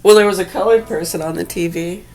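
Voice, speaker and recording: A mother ranting angrily to camera in a vlog, cursing heavily and swinging between low muttering and shouted outbursts. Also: fast talker, rough recording. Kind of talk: angry profane rant vlog.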